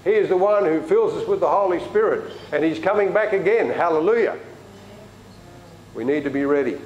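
A man's voice: on the high side, animated, moderate pace, a little mellow, echoey room, dull audio, slight background noise. A man preaching a sermon in a chatty, storytelling way in a church.

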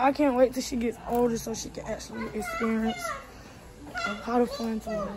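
A young mother vlogs on her phone while shopping in a big indoor store, chatting with viewers and calling them y'all. Her fairly high, sing-song voice moves at normal speed over background noise.

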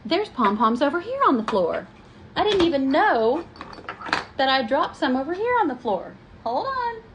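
A woman's voice: high voice, sing-song, moderate pace, muffled recording, a little hiss or hum. A woman, chatting to viewers while working on a craft project at her table at home. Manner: chatty, self-deprecating, talks to viewers as y'all. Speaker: craft vlogger. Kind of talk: live craft tutorial chat.

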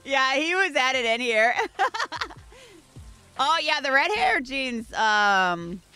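A woman's voice: high-pitched, sing-song, slow pace, bright, forceful tone, clear, resonant tone. A woman streaming a game, chatting playfully and giggling as she talks to the characters on screen. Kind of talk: casual gameplay commentary. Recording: faint background music.

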